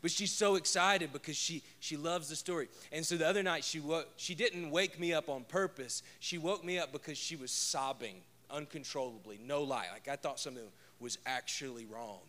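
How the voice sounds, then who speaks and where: A man's voice: fairly high pitch, moderate pace, hardly any pauses, pushed and bright. A man preaching a conversational sermon as pastor, joking and telling stories from home. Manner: chatty and joking, tells personal stories.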